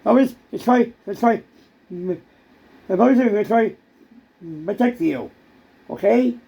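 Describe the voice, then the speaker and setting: A man's voice: high voice, a little slow, vocal fry, slightly rough, lo-fi sound. A man in a rambling comic monologue who stammers and keeps repeating words.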